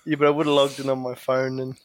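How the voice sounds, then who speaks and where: A man co-hosting a casual podcast, making quick, self-deprecating jokes. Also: mid-range voice, monotone, a little hiss or hum. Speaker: podcast co-host.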